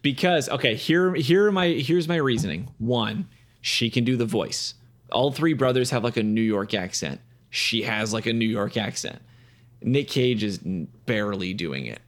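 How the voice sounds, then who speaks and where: A man co-hosting a podcast in casual chat, laying out his reasoning in an animated way, with swearing and laughter. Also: mid-range voice, normal speed. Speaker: podcast co-host.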